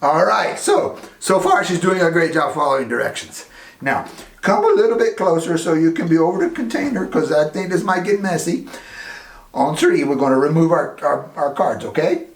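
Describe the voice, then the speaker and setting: A man hosting a playful children's science demonstration, teasing his assistant with big swings of pitch. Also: expressive, normal speed. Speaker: children's science show host. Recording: echoey room.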